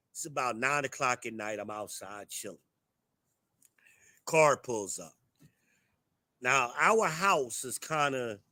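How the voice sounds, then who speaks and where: A man's voice: mid-range voice, sharp tone, no room sound. Blunt, profane man ranting to his chat. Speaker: show host. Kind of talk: ranting commentary to a live chat.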